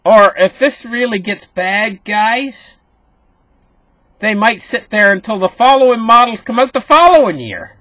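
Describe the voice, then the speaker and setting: A man's voice: high-pitched, sing-song, unhurried, pushed and bright, no echo. A man hosting a casual market commentary, talking straight to his viewers and repeating himself as he goes. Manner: talks to viewers as "guys", repeats words, rambly.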